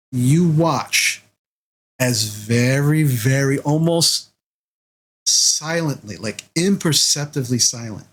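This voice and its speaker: A man's voice: mid-range voice, fairly bright tone, breathy edge, rough recording. A man narrating as game master of a tabletop role-playing game, talking in a loose, rambling way full of fillers.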